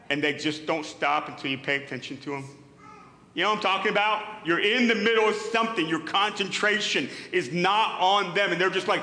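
A middle-aged male pastor preaches a sermon in a high-pitched, bright, pushed voice, talking fairly quickly. He's earnest and emphatic, often repeating words as he builds a point, and the echoey hall adds long reverb.

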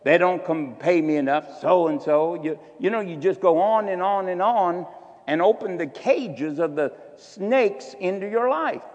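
A man with a high, slightly mellow voice preaches a sermon, urging his congregation on and drawing out key words for emphasis. He alternates between slow, stretched-out stresses and quick asides. The recording has its highs cut off and carries a long hall reverb.

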